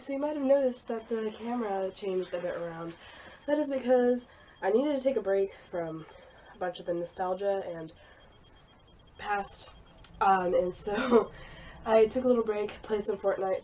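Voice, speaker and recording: A woman's voice: mid-range voice, a little mellow, a little hiss or hum. A young woman vlogging casually, rambling and laughing at herself as she looks through old files. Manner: rambling, self-deprecating, giggly. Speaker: YouTuber. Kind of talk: casual vlog commentary.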